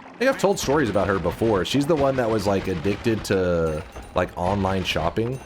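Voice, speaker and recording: A man's voice: low-pitched, animated, moderate pace, noisy background. A man streaming a game, telling a rambling story casually, swearing and breaking off mid-sentence. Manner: rambling, profane, self-interrupting. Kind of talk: casual storytelling while gaming.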